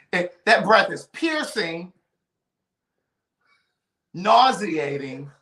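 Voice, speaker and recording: A man's voice: high voice, very animated, very slow, sharp tone, roomy sound. A man telling a story on a casual live stream. He talks dramatically and piles up vivid adjectives.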